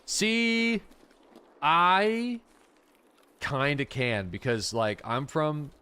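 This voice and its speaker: Here the streamer's voice is fairly high, clear and resonant. He's a man from Atlantic Canada gaming live, talking casually with plenty of swearing, lots of energy and quick laughter.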